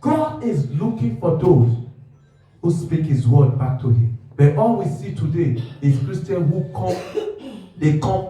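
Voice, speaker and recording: A man preaching a sermon as pastor, moving from quiet talk to fervent shouting. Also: fairly high pitch, animated, unhurried. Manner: impassioned, swings from quiet to shouting. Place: church hall. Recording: echoey hall, mic far off, faint music.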